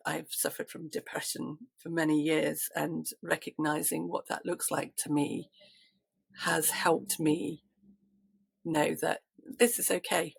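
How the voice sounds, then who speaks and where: A woman's voice: sits low, gravelly, breathy edge, dry recording. A middle-aged British woman, a quilter, talking earnestly and reflectively as a guest in a casual interview. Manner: earnest, reflective, repeats and restarts phrases.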